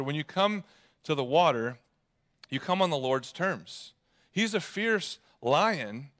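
A man preaching a sermon as a pastor, retelling a story in an animated way. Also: on the high side.

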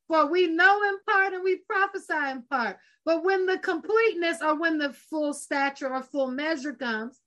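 A woman's voice: high voice, pushed and bright. A woman preaching a sermon with fervent, emphatic delivery, repeating phrases and breaking into exclamations.

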